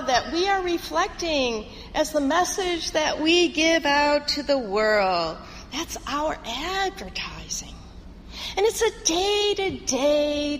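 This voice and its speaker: A woman's voice: high-pitched, a bit bright, big-room sound, slight background noise, low-quality recording. A woman pastor preaching a sermon and leading prayer, telling a story with earnest, rhythmic phrasing in a church.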